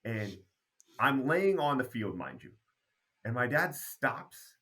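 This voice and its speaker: A Canadian man who founded a basketball program tells stories in a casual interview, speaking slowly in a medium-pitched voice. He is an animated storyteller who acts out remembered dialogue.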